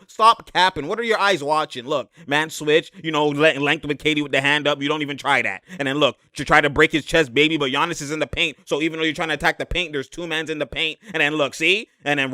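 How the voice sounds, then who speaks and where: A young man giving a casual, slangy breakdown of basketball footage. He gets excitable and laughs a lot. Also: a little high, no room sound, clean studio sound. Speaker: basketball commentator.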